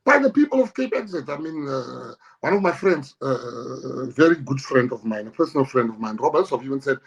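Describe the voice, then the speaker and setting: A middle-aged man with a South African accent, speaking in an interview as a party leader. He is combative and forceful and hammers his points home with repetition. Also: medium pitch, lively intonation, brisk, vocal fry, breathy edge, lo-fi sound.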